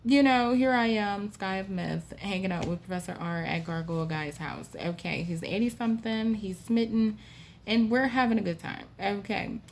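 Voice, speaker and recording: A woman host telling a spooky personal story in a chatty, animated way with frequent asides to the listener. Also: fairly high pitch, a little hiss or hum. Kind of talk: casual storytime.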